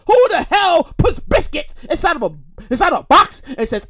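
A woman hosting a solo comedy podcast, ranting loudly and profanely about pop culture, often laughing and shouting. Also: very high voice, moderate pace. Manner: loud, animated and profane, with frequent laughter and shouting. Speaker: host.

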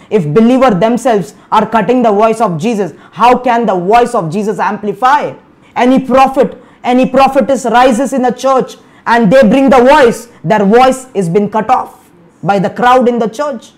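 A man preaching a sermon, often repeating himself and restarting his words, and saying "Hallelujah" and "Amen" again and again. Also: high-pitched. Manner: emphatic preaching, rising loud in bursts, with repeated "Hallelujah" and "Amen".

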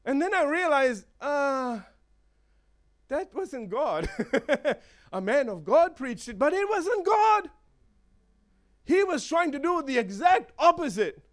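A man preaching a sermon to a congregation, animated and laughing often, checking in with the listeners. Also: very high-pitched, takes it slowly. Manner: animated, laughing, acts out voices of chickens and eagles; asks the congregation for responses.

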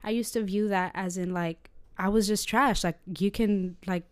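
Earnest woman with a clear voice. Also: medium pitch, steady tone, normal speed. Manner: earnest and personal, with nervous laughs. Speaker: co-host of a Christian podcast. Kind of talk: casual faith discussion.

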